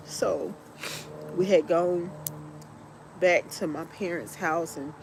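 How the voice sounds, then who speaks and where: A woman hosting a podcast, telling a personal story in a halting, heartfelt way while tearful. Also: on the low side, steady tone. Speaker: podcast host. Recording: noticeable background noise.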